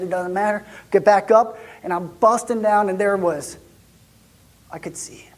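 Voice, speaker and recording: A man acting out an excitable young shepherd in a first-person church monologue, chatty and lively, then dropping to hushed tones. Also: high voice, close to an everyday voice.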